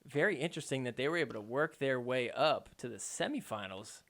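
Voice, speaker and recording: A man's voice: medium pitch, animated, fairly quick, fairly bright tone. A man hosting a podcast, giving casual commentary over match clips in a playful way. He laughs often and mimics the players. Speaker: podcast host.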